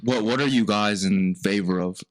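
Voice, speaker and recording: A man's voice: lowish voice, normal speed. A young man co-hosting a casual podcast chat, telling stories animatedly and acting out what his parents said. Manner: animated storytelling, acts out quoted parents. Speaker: podcast co-host.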